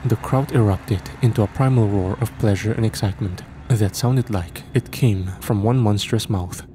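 Low, mellow male horror narrator. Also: a little hiss or hum. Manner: measured, grim storytelling.

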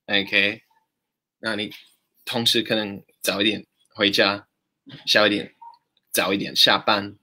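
A man hosting a casual live-stream English lesson, talking animatedly and slowing down to repeat and spell out phrases. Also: fairly low pitch, flat delivery, bright, forceful tone.

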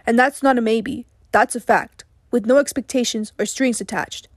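A woman's voice: a little high, moderate pace, dry recording, clean studio sound, natural voice. A woman voicing an older man, an earnest and disappointed mentor who presses with questions, in an audiobook reading. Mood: pleading.

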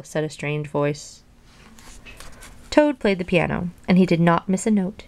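A woman reads a children's storybook aloud in an even, clear storytelling voice. Between stories she drifts into relaxed, chatty reflection. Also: lowish voice, a little slow. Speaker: reader and video host. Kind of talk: reading a children's storybook aloud, then casual chat.

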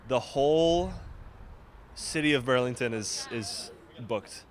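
A young man hosting a student live stream outdoors on a handheld mic, chatty and halting with many fillers. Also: mid-range voice. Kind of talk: casual live-stream chat. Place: outdoors on a campus.

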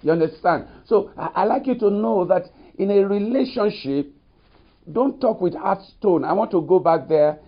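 A man's voice: sits high, animated, moderate pace. A man preaching a recorded sermon as pastor, leaning often on "you see" and "you know". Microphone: studio mic. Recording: dull lo-fi recording.

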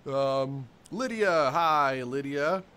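A man's voice: mid-range voice, animated, drawn-out words, pushed and bright, smooth. A young man live-streaming a game from home, cheerfully greeting his chat by name and laughing often. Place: home room with dogs nearby.

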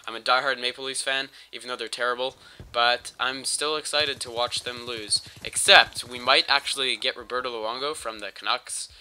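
A man's voice: medium pitch, fairly even intonation, normal speed, bright, forceful tone, smooth. A man with a cold, rambling and joking crudely as he talks over his gameplay footage on a home mic. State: sick with a cold. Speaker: gaming channel host.

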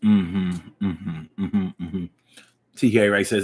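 A man's voice: deep voice, steady tone, slow, a little mellow, slightly rough. A man hosting a casual livestream, laid-back and chuckling as he reads viewer comments aloud. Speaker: livestream host.

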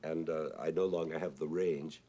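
A man with a husky voice, talking thoughtfully on television about songwriting, pausing with "uh" as he explains. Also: rumbling low, fairly even intonation, mellow, a little hiss or hum. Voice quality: husky "whiskey voice". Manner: thoughtful, pauses with "uh", explains with sung examples. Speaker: composer recalling a friend. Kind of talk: reflective televised talk.

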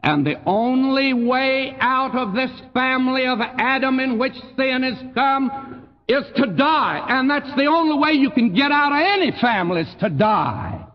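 Folksy Texan preacher, slow and emphatic. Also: male voice, animated, long reverb tail, dull audio. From Texas. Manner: folksy, emphatic, swoops high on key phrases and drops low. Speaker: pastor. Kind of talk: sermon.

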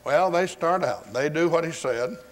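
A man preaches a sermon, spinning a story with folksy humor. His speaking voice sits a little above a typical man's pitch. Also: moderate pace.

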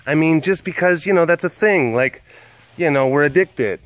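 A man's voice: fairly high pitch, normal speed, no echo. A man talking casually and playfully while filming, cooing baby talk at big cats and narrating outdoors. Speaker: vlogger at a big cat sanctuary. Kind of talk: casual chat to animals and camera. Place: outdoors at animal enclosures.

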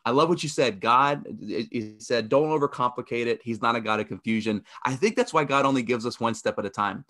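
A man's voice: medium pitch, a little fast, hardly any pauses, fairly bright tone. A man hosting a faith interview podcast, earnest and rambling, often restarting his sentences. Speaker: podcast host.

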